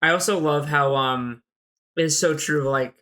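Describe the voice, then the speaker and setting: Bright-voiced man chatting casually. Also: on the high side, a little slow. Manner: rambling, full of "like" and acted-out quotes. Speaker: podcast co-host. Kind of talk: casual book-club chat.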